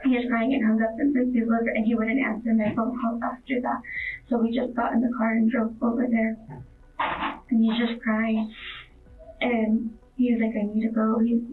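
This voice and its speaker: A young woman in her twenties, a witness in a police interview, talking in a hesitant, rambling way full of fillers. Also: a little high. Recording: distant, tinny phone-like interview recording.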